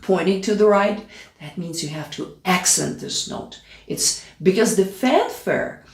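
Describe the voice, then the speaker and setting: A woman's voice: fairly low pitch, expressive, measured pace. A woman teaching a piano piece, counting beats aloud and checking in with her student. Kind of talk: play-along piano tutorial. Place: room with a piano. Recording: echoey room with loud piano. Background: piano playing.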